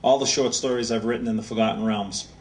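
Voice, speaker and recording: At a book signing in a bookstore event space, a middle-aged author from Massachusetts tells anecdotes to the audience in a fast, mid-range voice. He's an animated, rambling storyteller, and the recording catches him from a distance.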